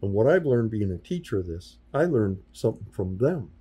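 Speaking fairly quickly in a lowish, warm, husky voice with big pitch swings, this Midwestern sign painter and workshop teacher shares anecdotes as a podcast guest. In the casual studio interview he briefly acts out the voices of the people he quotes.

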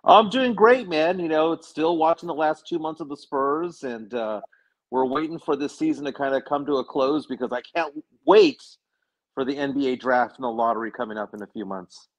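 A man's voice: medium pitch, moderate pace, low-quality recording. A man who is a guest on a sports podcast, chatting casually in a laid-back, tired way.

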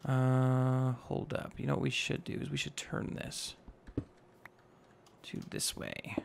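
A man in his twenties with a slightly raspy voice, casually narrating a building game and rambling as he goes. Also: medium pitch, completely flat delivery, normal speed, a little hiss or hum. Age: 20s. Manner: rambling, self-teasing, narrates each step aloud. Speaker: gaming YouTuber. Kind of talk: casual Minecraft let's play commentary.

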